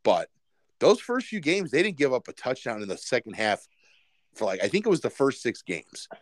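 A man's voice: medium pitch, big pitch swings, normal speed, no room sound. Rambling man talking football. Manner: rambling, many fillers and restarts. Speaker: podcast co-host. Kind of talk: casual sports chat.

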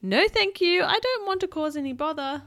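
A woman's voice: very high voice, lively intonation, normal speed, a bit bright, voice pushed up. A woman voicing a polite, well-mannered little girl in a storybook reading. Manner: prim, very polite.

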